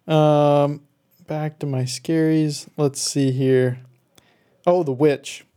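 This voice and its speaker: Mellow-voiced man chatting casually. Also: fairly high pitch, slow pace, smooth. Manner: relaxed, enthusiastic, fillers and restarts. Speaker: podcast co-host. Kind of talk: casual chat about movies.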